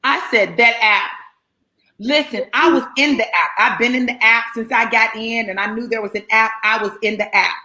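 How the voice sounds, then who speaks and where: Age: adult. Sex: woman. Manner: excitable, emphatic. Style: casual chat on a live stream. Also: on the high side, normal speed, reverberant. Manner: excitable, emphatic, repeats "listen".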